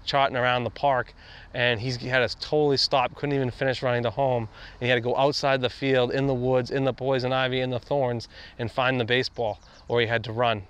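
A man calmly recalling a story about a teammate in an interview. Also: medium pitch, smooth.

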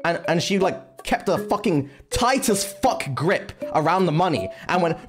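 This young streamer's voice sits high, and he speaks unhurriedly with few pauses while music plays behind. His casual story is animated and full of heavy swearing, fillers, and restarts.

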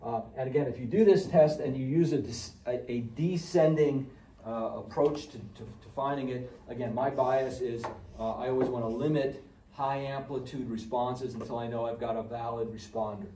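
A man giving a conversational audiology lecture, full of fillers and restarts, who gets animated when he acts out patients. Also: medium pitch, moderate pace, echoey room, far from the mic, slight background noise, low-quality recording. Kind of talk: recorded classroom lecture.

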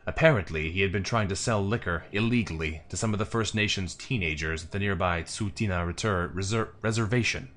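A man narrates a text adventure aloud in expressive storybook fashion, pausing for musing asides. His voice sits low and deep. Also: slight background noise. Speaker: let's play narrator.

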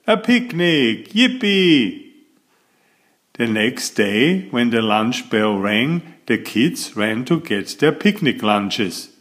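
A man reading a children's picture book aloud as a bedtime story. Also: on the low side. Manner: slow, expressive storytelling. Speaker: storybook reader.

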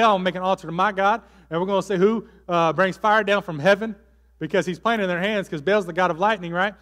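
A man's voice: high-pitched, a bit bright, big-room sound. A man preaching a sermon as pastor, telling the story casually with fillers and acting out the quotes. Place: church hall.

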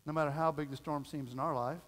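A middle-aged man preaching a sermon as pastor, telling a family story in a folksy, animated way and acting out the voices. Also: fairly high pitch, quick pace. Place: church sanctuary. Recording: long reverb of a church hall.

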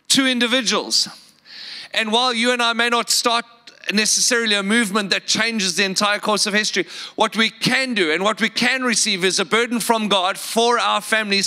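A man's voice: sits high, pushed and bright. A man with a South African accent preaching a sermon earnestly, with repeated words and rhetorical questions. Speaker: pastor.

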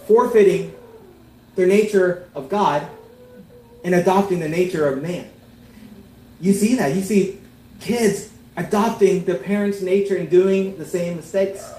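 A man preaching a sermon as pastor, earnest, swelling to emphatic peaks and then dropping to soft, tender lines. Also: high-pitched, echoey room, poor audio.

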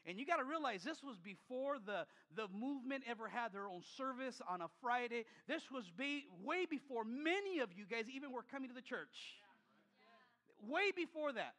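Older male pastor, emphatic sermon delivery, high pitched and piercingly bright. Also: lively intonation, moderate pace. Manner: emphatic, repetitive preaching with many restarts.

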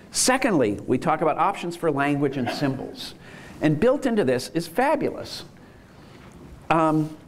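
A man delivers a conference lecture in a slightly high voice that swings widely in pitch. He sounds enthusiastic and chuckles often as he explains. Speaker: lecturer on universal design.

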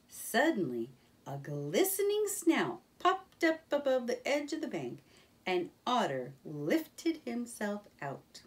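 A woman reading a children's storybook aloud in a gentle, expressive manner. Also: a little high, slow, far from the mic.

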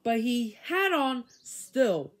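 A woman reads a children's book aloud with dramatic, expressive storytelling. Her voice is high and swings widely in pitch, rising and falling to build each moment. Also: slow. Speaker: reader.

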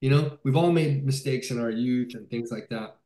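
A man's voice: medium pitch, normal speed, mellow. A male film director in a casual video-call interview, talking enthusiastically with many fillers and restarts. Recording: roomy echo.

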